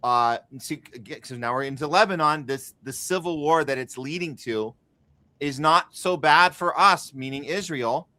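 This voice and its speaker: Bright-voiced male podcast host. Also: on the high side, no echo. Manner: rhetorical questions, quick asides. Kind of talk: casual political podcast chat.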